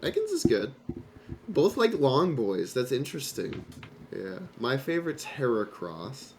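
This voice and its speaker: A man's voice: mid-range voice, wildly swooping pitch, a little slow, a little mellow, slight background noise. A man in his twenties co-hosting a casual podcast chat with friends, opinionated and playful in short clipped remarks. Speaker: podcast co-host.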